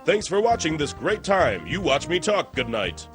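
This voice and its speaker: A man playing a proud new immigrant in a spoof advert, speaking in halting, broken phrasing. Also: on the high side, very animated, fairly bright tone, faint music behind. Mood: boastful. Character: newly arrived male immigrant in a spoof ad, boastful. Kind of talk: comedy sketch spoof ad.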